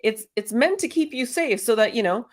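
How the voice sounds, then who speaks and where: A woman's voice: on the high side, animated, moderate pace. A woman hosting a casual spiritual self-help talk, chatty and encouraging, firing off strings of rhetorical questions and laughing often. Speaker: host.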